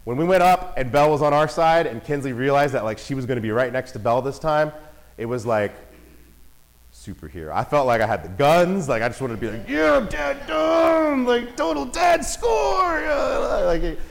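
A father telling a family story in a casual, animated way. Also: mid-range voice, fast, rough recording. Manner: animated, acts out voices and shouts in quotes.

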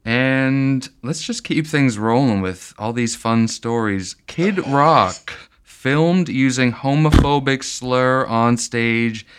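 A man's voice: mid-range voice, slow, clear, resonant tone. A man co-hosting a casual comedy podcast, riffing on movie and celebrity news. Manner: jokey, riffing on pop-culture news. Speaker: podcast co-host.

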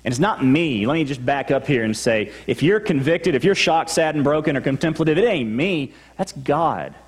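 A male pastor with a Texan accent preaches in a church sanctuary, his slightly high voice trailing a long reverb through the room. He talks to the congregation in a conversational way and acts out their replies. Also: expressive, moderate pace, slightly rough. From Texas. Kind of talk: sermon.

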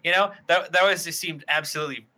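A man's voice: on the high side, fast talker, sharp tone. A young man telling rambling stories in a casual podcast chat, swearing and restarting often.

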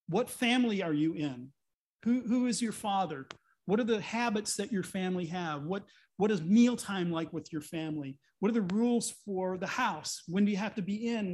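High-voiced earnest male pastor preaching. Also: a little mellow. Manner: earnest, rhetorical questions, voices God's words. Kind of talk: sermon.

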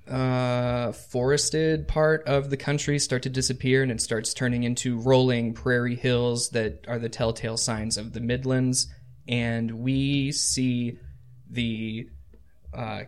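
Male game master, mid-pitched voice, rambling narration with many uhs and restarts. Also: clean tone. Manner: rambling, with frequent fillers and self-corrections.

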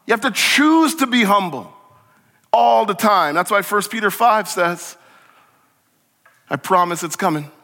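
Guy preaching in church, kinda high bright voice, chatty and animated, big hall echo. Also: unhurried, pauses often. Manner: animated, conversational preaching with acted-out dialogue. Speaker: pastor. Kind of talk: sermon. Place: church sanctuary. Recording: long hall reverb.

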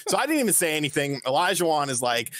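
Male podcast co-host from North Carolina: animated, profane storyteller with a slightly raised pitch. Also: fast, no echo. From North Carolina, USA. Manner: animated, swears freely, acts out quotes with big pitch swings. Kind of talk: casual storytelling.

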